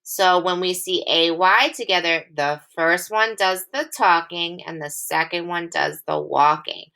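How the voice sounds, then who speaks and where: An elementary school teacher records a phonics lesson for young children, speaking clearly, patiently and encouragingly. Her voice is fairly low, bright and forceful, and she reads the sample sentences slowly with plenty of expression.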